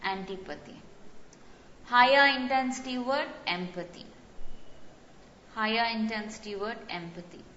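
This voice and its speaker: A woman teaching an online GRE vocabulary test-prep class repeats key words and explains them through stories. Her slightly high voice is pushed and bright, a little slow, with long pauses. The audio is slightly dull lo-fi with a little hiss or hum.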